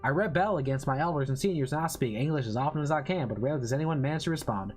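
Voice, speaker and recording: A man putting on a boastful cowboy rancher voice, with a slow drawling delivery. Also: fairly high pitch, a little mellow, husky, faint music behind. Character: boastful cowboy rancher man, eager fan of American culture.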